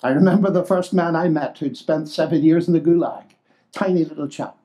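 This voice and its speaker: An older man preaching a sermon, expressive and exclamatory, swinging between loud declarations and hushed asides. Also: on the high side, brisk.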